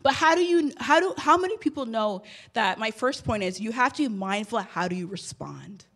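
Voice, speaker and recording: A woman's voice: on the high side, lively intonation, fairly quick, fairly bright tone. A woman in her thirties preaching a sermon, telling a personal story with bursts of emotion. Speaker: pastor.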